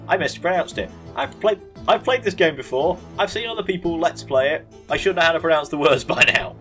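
A man's voice: medium pitch, lively intonation, fairly quick, a bit bright, soft background music. A man hosting a casual let's play, rambling and self-deprecating as he reads game text aloud. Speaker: gaming channel host.

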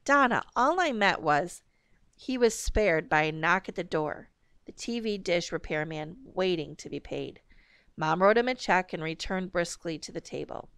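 A woman reads a novel aloud, her voice smooth and resonant. She narrates steadily and measuredly. The recording is dry and close. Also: fairly low pitch, expressive, moderate pace, no echo. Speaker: audiobook reader.

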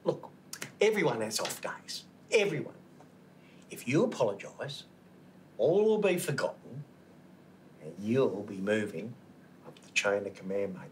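A placating Australian store manager who smooths things over with mateship talk. His pitch rises and falls a lot. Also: expressive, unhurried, long pauses, slight background noise. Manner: placating, chummy.

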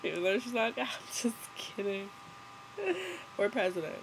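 A woman's voice: medium pitch, moderate pace, vocal fry, a little hiss or hum, rough recording. A young woman rambling through a casual, sarcastic movie review, giggling as she goes.

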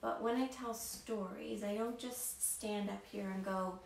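A woman storyteller running an interactive children's show, playful and animated, talking straight to the children watching. Her voice is picked up a bit away from the mic in an echoey room. A faint hiss sits behind it. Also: mid-range voice, unhurried, vocal fry, distant mic. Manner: animated, playful, talks straight to young viewers.

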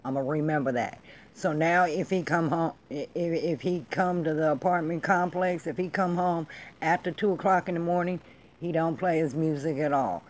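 A woman's voice: sits low, fairly even intonation, moderate pace, a little hiss or hum. A middle-aged woman hosting her own vlog, delivering a blunt, profane, emphatic rant in casual talk. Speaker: vlog host. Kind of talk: casual ranting monologue.

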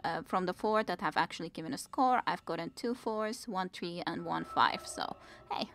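A woman's voice: fairly low pitch, normal speed, a bit bright. A woman in her twenties streaming a game, chatting casually and answering her chat between moments of play. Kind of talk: casual live-stream chat while gaming.

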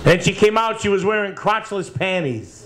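A man in his fifties doing a profane stand-up routine, rapid-fire jokes and needling the crowd in a bar. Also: high voice. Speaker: stand-up comedian. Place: bar with live audience. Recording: live bar set with crowd laughing. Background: crowd laughter.

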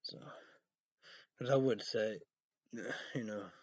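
A man vlogging in a rambling casual monologue, spelling words out letter by letter and breaking into high excited outbursts. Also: slow pace, husky, no echo. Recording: dull lo-fi sound.

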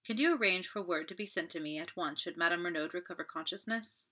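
A woman's voice: fairly low pitch, fast, pushed and bright. A woman voicing a fussy, proud male detective, formal and clipped. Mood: earnest. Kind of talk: audiobook character voice.

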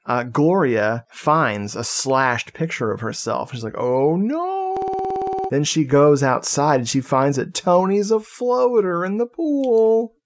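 A man's voice: mid-range voice, animated, measured pace, few pauses. Jokey, swearing male podcast host. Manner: profane, jokey, laughs often. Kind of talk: casual movie recap chat.

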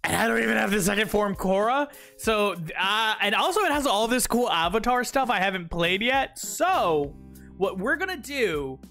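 A man's voice: sits high, expressive, moderate pace, gravelly, bright, forceful tone, faint music behind. A man chatting playfully with his livestream chat, joking at his own expense while he plays. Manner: playful, self-mocking, talks to chat. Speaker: streamer.

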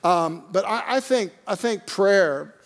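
A man's voice: high voice, expressive, slow pace. A male pastor opening a sermon in a casual, chatty way, joking and using many fillers and restarts. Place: church online service.

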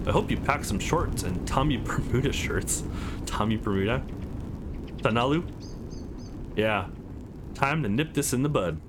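A man casually commenting on a visual novel, relaxed and rambling. His pitch rises and falls a lot, and faint music plays behind him. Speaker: let's play host.

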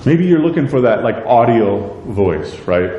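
A man's voice: mid-range voice, sing-song, unhurried, dark tone, dull audio. A male pastor preaching a sermon in a church, acting out prayers and quotes in a raised voice. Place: church sanctuary. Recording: echoey church hall, faint noise.

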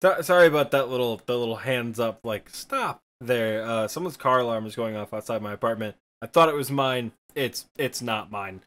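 A man's voice: medium pitch, brisk, hardly any pauses, fairly bright tone. A man with a thick Michigan accent, co-hosting a podcast in casual, rambling chat full of fillers and self-deprecating asides. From Midwestern United States. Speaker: podcast co-host.

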